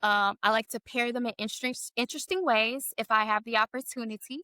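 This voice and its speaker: A woman's voice: a little high, a little fast, pushed and bright, dry recording. A woman co-hosting a podcast in casual chat, candid and laughing often, cussing freely. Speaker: podcast co-host.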